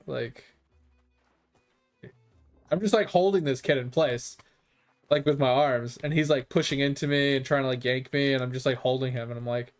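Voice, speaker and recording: A man's voice: a little high, lively intonation, normal speed, pauses often, soft background music. A man streaming a game and casually telling a long, rambling story, swearing freely and chuckling as he goes.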